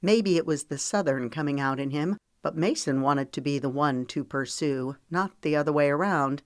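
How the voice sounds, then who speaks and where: A woman with a deep voice narrates an audiobook in a measured, even storytelling style. The recording is dry and clean, with studio quality.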